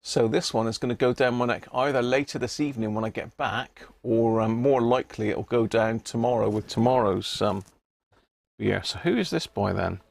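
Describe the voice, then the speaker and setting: A man's voice: mid-range voice, normal speed, vocal fry, no echo. A man hosting a casual live stream, chatting with viewers and reading labels aloud with little chuckles. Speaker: livestream host.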